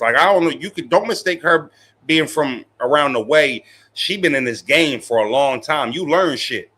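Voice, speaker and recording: A man's voice: medium pitch, lively intonation, normal speed, bright, forceful tone. A young man live-streaming, chatting casually with his viewers in slangy, profane talk and laughing often.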